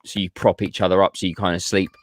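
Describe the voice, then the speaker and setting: A man's voice: deep voice, little pitch movement, quick pace. A man co-hosting a casual chat, asking wandering, thoughtful questions.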